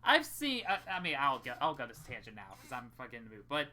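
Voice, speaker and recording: A man's voice: medium pitch, wildly swooping pitch, quick pace, bright, forceful tone. A young man co-hosting a podcast in casual chat, rambling and swearing freely. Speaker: podcast co-host.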